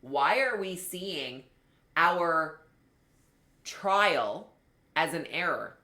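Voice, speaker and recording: Woman business coach, low and bright voice, lively and conversational, roomy sound. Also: very slow. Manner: animated, conversational, addresses viewers directly. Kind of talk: live online masterclass teaching.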